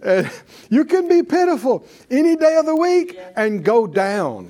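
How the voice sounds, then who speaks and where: A man's voice: very high-pitched, very animated, moderate pace, mellow. A man preaching a sermon, leading the congregation in call-and-response.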